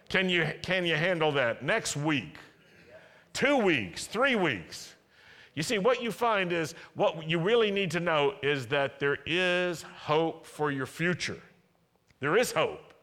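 A man's voice: fairly high pitch, fairly bright tone, in a large hall. A man preaching a sermon as a pastor, earnest, repeating phrases for emphasis and acting out prayers.

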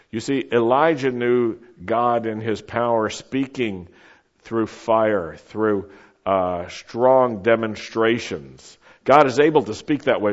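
A male preacher delivering a sermon at an unhurried, deliberate pace, his voice a little lower than most. He swells to emphasis on the dramatic lines, then sinks almost to a whisper on the quiet ones. The recording is dull and lo-fi. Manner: slow, reflective, drops to near-whisper on quiet points.

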